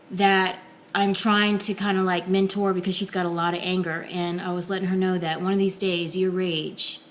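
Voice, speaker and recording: A woman speaks softly to her camera from home, her voice sitting a little low. She talks in an easy, reflective way, pausing often and filling gaps with ums. A faint room hum sits under her words. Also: low-quality recording. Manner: soft-spoken, many ums and pauses. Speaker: vlogger. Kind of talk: casual reflective talk to camera.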